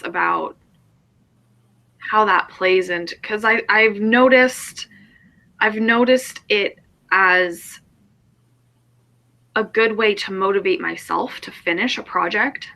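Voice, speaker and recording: A woman's voice: medium pitch, takes it slowly, creaky, pauses often, pushed and bright. A woman hosting a book discussion in casual chat, hesitant and searching for her words. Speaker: book club host.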